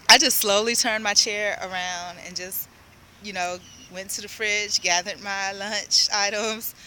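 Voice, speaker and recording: A woman's voice: medium pitch, pushed and bright, slight background noise, poor audio. A woman, ranting in a chatty, rambling way about her day and acting out what other people said in her own voice. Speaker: vlogger. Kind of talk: casual rambling rant.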